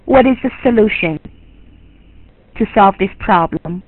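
With a mid-range, expressive voice and an unhurried delivery, this English teacher drives home her key points by repeating them in an emphatic lecture. There's no echo, though the recording sounds tinny, lo-fi and phone-like.

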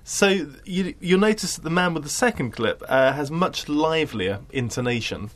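A man's voice: fairly high pitch, expressive, moderate pace, a bit bright. A man teaching an English class, patient and encouraging with his students.

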